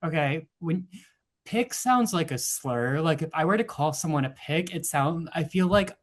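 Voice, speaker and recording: A man's voice: on the high side, lively intonation, moderate pace. A man co-hosting a podcast, reacting and joking bluntly in casual chat. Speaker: podcast co-host.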